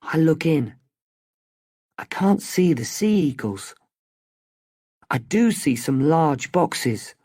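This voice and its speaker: Slow, careful male storybook narrator. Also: a little high, sing-song, darkish tone. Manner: slow, careful, clearly spoken. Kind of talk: slow storybook reading for English learners.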